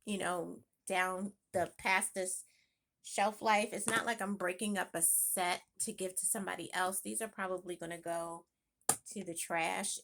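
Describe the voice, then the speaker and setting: A woman chatting casually in a home makeup vlog, thinking aloud with quick exclamations. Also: mid-range voice, gravelly, very noisy. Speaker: beauty vlogger. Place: home room.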